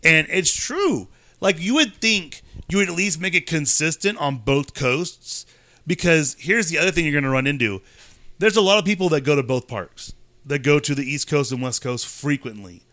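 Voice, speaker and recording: Casual podcast co-host, male, bright clear tone, dry close sound, rambling storyteller. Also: a little high, normal speed, no room sound. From California, USA. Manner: rambling storyteller, animated asides. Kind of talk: casual chat.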